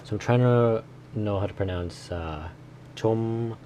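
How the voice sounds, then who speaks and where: A man recording a casual study vlog, slowly sounding out and repeating words he is learning, with small self-deprecating laughs. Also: lowish voice, dark tone, slight background noise. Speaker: language learner vlogger.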